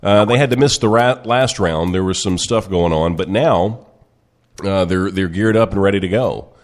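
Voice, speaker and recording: A man's voice: sits low, moderate pace. A man hosting a casual home-studio show, congested from a cold, rambling and self-mocking. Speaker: podcast host. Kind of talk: casual chat.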